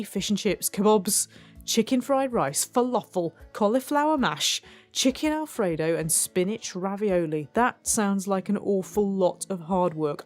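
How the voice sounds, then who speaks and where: A woman's voice: mid-range voice, darkish tone. A woman hosting a cooking game playthrough, chatting to herself and poking fun at her own mistakes. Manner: chatty, self-mocking, talks to herself. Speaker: let's play host. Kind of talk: gameplay commentary.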